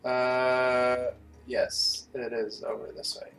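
A man hosts a casual co-op gaming session. His voice sits at a middling pitch, and he rambles goofily, often trailing off mid-sentence. Soft game music plays in the background. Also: completely flat delivery, takes it slowly. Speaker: channel host.

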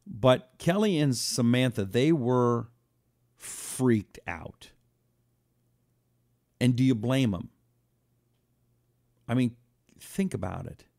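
A man's voice: mid-range voice, expressive, slow pace, gravelly, long pauses, darkish tone, no echo, studio quality. A man hosting a live talk stream, chatting loosely with viewers, reading out their comments and making blunt asides. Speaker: host.

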